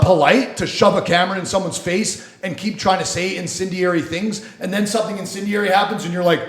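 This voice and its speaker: A man's voice: high voice, a little fast, few pauses, roomy sound. A man who is a lawyer, hosting a casual sports and law talk show, blunt, swearing freely and mocking people in put-on voices. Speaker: podcast host, lawyer.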